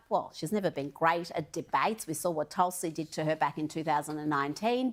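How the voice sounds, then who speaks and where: A woman delivering scripted political commentary in a sarcastic, mocking tone. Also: mid-range voice. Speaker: commentator in a played news clip.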